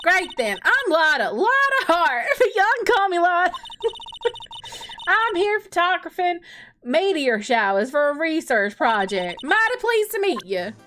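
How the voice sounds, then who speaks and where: A feisty, loud country woman photographer, put on by a woman reading game lines, drawling and scolding with a high, lively voice and slow, folksy pacing. Game music plays clearly behind her. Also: a little hiss or hum, exaggerated voice. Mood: friendly. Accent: Southern US, put on. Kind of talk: reading game dialogue aloud.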